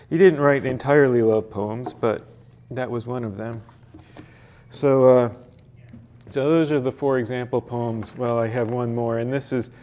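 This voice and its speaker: A man leads a poetry workshop in a library room, speaking at an unhurried, slow pace. He hesitates and restarts often, with plenty of fillers, and reads verse aloud carefully, leaning on each stressed syllable. His voice sits at an ordinary, middle pitch. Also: a little mellow. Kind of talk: classroom teaching and reading poems aloud.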